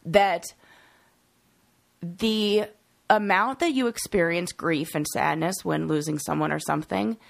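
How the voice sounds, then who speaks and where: A woman's voice: fairly low pitch, a little slow, creaky, pauses often. A woman co-hosting a podcast in casual conversation, emotional and tearful, talking in a rambling way. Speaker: podcast co-host.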